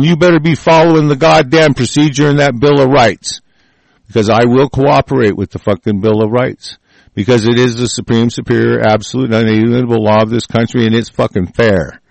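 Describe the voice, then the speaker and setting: A man in a profane, furious rant reacting to the news, full of halting restarts. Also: medium pitch, gravelly, no room sound.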